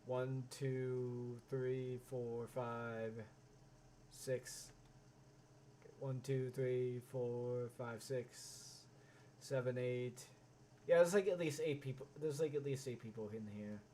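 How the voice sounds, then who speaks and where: A man's voice: medium pitch, steady tone, takes it slowly, warm tone, slight background noise. A man giving live reaction commentary, ranting and swearing with many stammering restarts. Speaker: reaction streamer.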